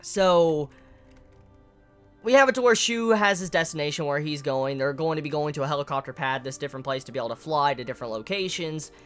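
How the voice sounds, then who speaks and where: A manga reviewer giving a casual, emotional spoken chapter analysis, excitable and swearing often. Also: medium pitch, fairly quick, faint music behind.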